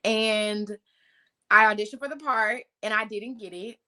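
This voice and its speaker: A woman in her twenties, a singer, answering interview questions in a relaxed, easygoing way. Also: mid-range voice, measured pace. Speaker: guest singer.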